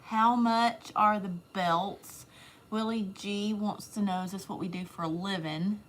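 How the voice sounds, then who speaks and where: A woman's voice: medium pitch, fairly even intonation, a little slow, a bit bright. A woman, casually chatting and teasing during a livestream, reading out viewer comments.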